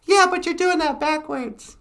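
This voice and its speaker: A man voicing a sassy, mocking ventriloquist-dummy girl in a shrill, squeaky, bossy, teasing voice. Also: unhurried, gravelly, pushed and bright, exaggerated voice.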